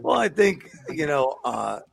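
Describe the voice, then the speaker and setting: Gravelly man, laid-back guest. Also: a little high, sing-song, unhurried. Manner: hesitant, filler-heavy, laid-back. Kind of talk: casual chat.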